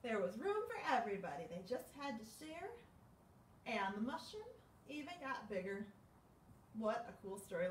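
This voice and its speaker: A woman hosting a children's storytime, reading a picture book aloud in an animated, sing-song way with playful gasps. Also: on the high side, recorded from a distance. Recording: echoey room with faint background noise.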